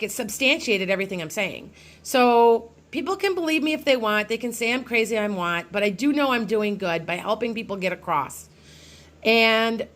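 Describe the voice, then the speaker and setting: A woman's voice: a little high, a bit bright. A middle-aged woman, a psychic medium, telling a personal ghost story to her followers in a casual, rambling way with many restarts.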